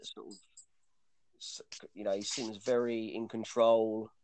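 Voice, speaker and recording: A man's voice: on the low side, little pitch movement, unhurried, a little mellow, slight background noise. A man chatting casually about films, rambling with lots of restarts and fillers.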